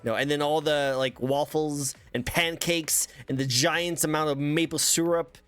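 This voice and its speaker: A man's voice: fairly high pitch, steady tone, unhurried, fairly bright tone, clear, resonant tone, faint music behind. Goofy man hosting a stream. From United States. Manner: goofy, laughing, stammers through jokes. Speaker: host. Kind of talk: casual interview chat.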